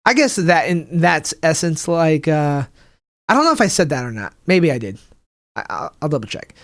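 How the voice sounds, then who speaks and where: A young man hosting his own podcast as a stand-up comic, rambling and swearing, with lots of restarts and "like", acting out other people's lines in a higher voice. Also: big pitch swings, normal speed, dry recording, clean studio sound. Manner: acts out people's quotes in a higher voice. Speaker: podcast host. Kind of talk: casual solo podcast rant. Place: home room, livestreaming.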